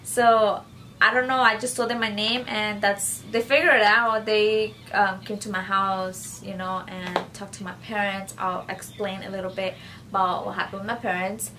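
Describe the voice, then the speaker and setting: A woman's voice: mid-range voice, little pitch movement, normal speed, noisy background. A young woman vlogger recounting a personal story in a casual, rambling way, with many fillers and repeated phrases, subdued after an injury.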